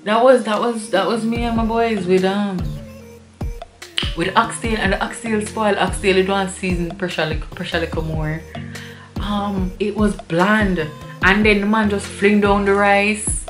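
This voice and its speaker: A woman with a Jamaican accent, vlogging an animated, indignant storytime review in patois. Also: medium pitch, unhurried, echoey room, music in the background.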